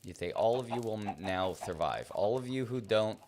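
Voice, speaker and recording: Deep-voiced playful male streamer. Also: lively intonation, normal speed, darkish tone, slight background noise. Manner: playful, rambling, talks to himself and the game. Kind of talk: casual gameplay commentary.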